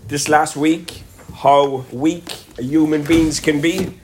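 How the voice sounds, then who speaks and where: A man from Cork, Ireland, preaches in a church with a lilting Cork accent, his voice a touch higher than most men's. He sounds stuffy and congested from a sinus infection, yet stays earnest. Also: steady tone, slow, a little mellow, a little hiss or hum. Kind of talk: sermon.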